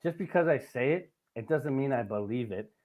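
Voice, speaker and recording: Man, podcast host, casual chat, rambling, profane, mid-range pitch. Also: lively intonation, moderate pace, a little mellow. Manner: rambling, profane storytelling with frequent laughs.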